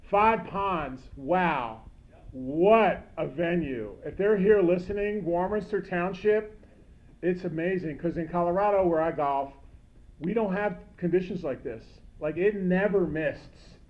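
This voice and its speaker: A man's voice: high voice, measured pace, dull audio. A man in his fifties giving a rambling, joking banquet speech, calling out to people in the crowd. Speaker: banquet speaker.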